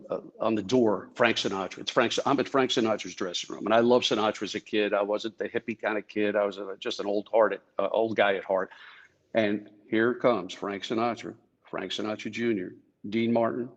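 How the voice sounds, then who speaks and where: An older man from New Jersey, a former Secret Service agent, telling stories in an animated, joking way and acting out the dialogue. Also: fairly low pitch, creaky, dull audio. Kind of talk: anecdotal storytelling.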